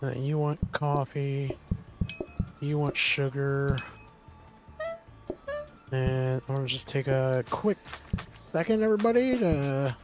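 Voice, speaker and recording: A man's voice: mid-range voice, flat delivery, takes it slowly, long pauses, music in the background. A man streaming a game, calling out orders aloud in casual commentary and swearing when things get close. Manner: rattles off orders aloud, swears under pressure.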